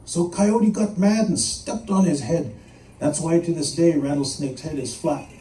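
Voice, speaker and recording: Brief: male storyteller, animated and playful, fairly high and very dark-toned. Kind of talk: live oral storytelling. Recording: echoey room, mic at a distance.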